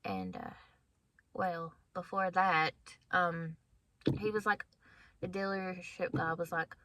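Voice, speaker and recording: A woman's voice: fairly low pitch, expressive, takes it slowly, a bit bright. A woman in her thirties casually telling a personal story to her viewers, candid and chatty, often laughing and calling them guys. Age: 30s. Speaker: vlogger.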